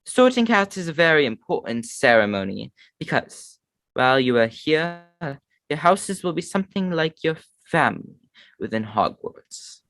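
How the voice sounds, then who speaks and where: A man voicing a stern older witch teacher who welcomes new students, speaking slowly in a put-on British accent. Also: fairly high pitch, very animated, a bit bright, no echo, full character voice. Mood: formal.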